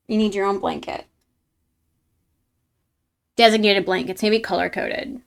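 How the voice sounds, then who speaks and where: A woman's voice: medium pitch, steady tone, a little slow, vocal fry, pauses often. A woman hosting a live-streamed painting tutorial, talking with her chat in a chatty, bubbly way and laughing often.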